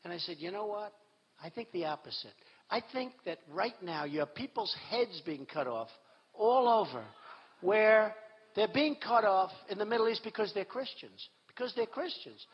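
A man giving a campaign rally speech as a political candidate, repeating himself emphatically and swinging between shouts and low asides. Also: lively intonation, moderate pace, breathy edge. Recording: echoey hall, dull sound.

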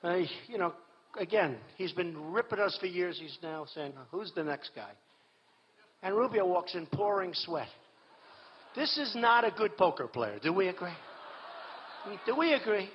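A man giving a campaign rally speech as a political candidate, repeating himself emphatically and swinging between shouts and low asides. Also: lively intonation, a little slow, long pauses, husky. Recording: echoey hall, dull sound.

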